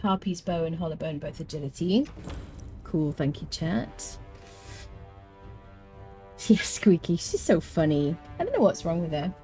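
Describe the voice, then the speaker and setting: A woman chats through a live game stream, animated and easygoing. Her voice sits low for a woman and swings lively up and down. Soft music plays faintly behind her. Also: a little slow, pauses often. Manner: chatty, animated, talks to chat and her cat. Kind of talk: live let's play commentary.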